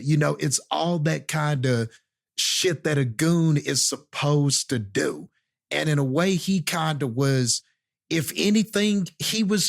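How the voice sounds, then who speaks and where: A man's voice: fairly high pitch, vocal fry. A man co-hosting a movie review podcast, chatting conversationally and often checking in with "you know what I mean". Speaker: podcast co-host. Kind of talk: casual movie review chat.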